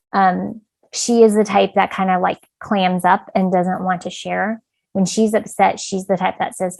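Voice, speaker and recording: A woman's voice: mid-range voice, creaky, no room sound, rough recording. A woman giving a casual online parent-education talk as a clinical supervisor, speaking conversationally with lots of "like" and "um", over a video call. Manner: conversational, many fillers like "like" and "um".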